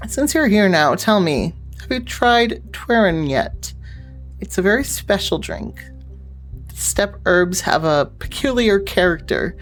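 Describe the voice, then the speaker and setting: A woman's voice: mid-range voice, big pitch swings, slow, faint music behind. Woman reading as a boastful disgraced architect. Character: boastful disgraced male architect, pub owner.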